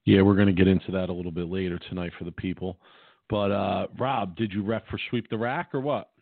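A man's voice: low-pitched, fairly even intonation, fairly quick, vocal fry, dry recording. A man co-hosting a podcast in laid-back casual chat. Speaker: podcast co-host. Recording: tinny phone-like line, dry.

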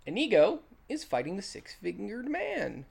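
A man's voice: high voice, wildly swooping pitch, normal speed, gravelly, a little mellow, slightly rough. A man co-hosting a casual movie recap, retelling scenes with enthusiasm and quoting lines. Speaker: podcast co-host.

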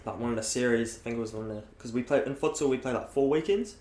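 A man's voice: medium pitch, rapid-fire, a little mellow. Laid-back young New Zealand guy. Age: late teens. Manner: laid-back, heavy filler words. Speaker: guest. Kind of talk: casual chat. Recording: echoey room with faint hiss.

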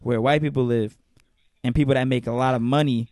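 A man's voice: medium pitch, fairly even intonation, a little fast, a little mellow, dry recording, studio quality. A young man ranting profanely in a casual podcast chat, full of mock quotes. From New York. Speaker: podcast host.

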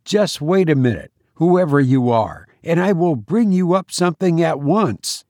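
A man's voice: a little high, lively intonation, measured pace, darkish tone, dry recording, studio quality, voice pushed up. A man reading an audiobook, voicing a kind, plainspoken sailor who talks earnestly and directly.

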